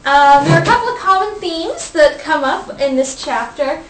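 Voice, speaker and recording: Young female host, high pitched, playful and chatty, reads aloud with restarts; echoey room recording. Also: expressive, moderate pace, loud music behind the voice. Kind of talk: casual study group reading. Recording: echoey room, faint background hiss.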